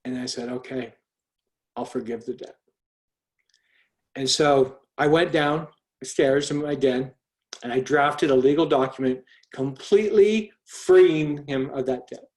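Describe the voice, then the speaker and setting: A middle-aged man quietly telling a personal faith testimony on a call, earnest, with frequent restarts. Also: on the high side, unhurried. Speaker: speaker sharing a testimony. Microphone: call audio.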